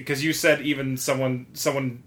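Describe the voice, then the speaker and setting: A man's voice: medium pitch, little pitch movement, normal speed, fairly bright tone. A man co-hosting a casual podcast, talking animatedly, swearing and acting out quotes. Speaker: podcast co-host.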